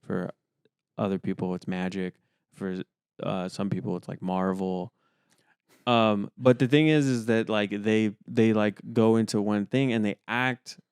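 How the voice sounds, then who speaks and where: A young man co-hosts a podcast, chatting casually and rambling with lots of fillers. His voice is on the low side, clear and resonant with a darkish tone, fairly even intonation, and a slightly slow pace. The sound is clean studio quality with no echo.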